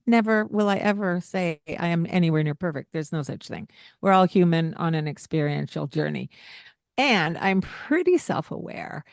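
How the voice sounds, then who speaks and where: A woman's voice: on the low side, lively intonation, normal speed, vocal fry, no echo, clean studio sound. A woman co-hosting a parenting podcast, talking earnestly and explaining things, with light laughs along the way. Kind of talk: casual podcast chat.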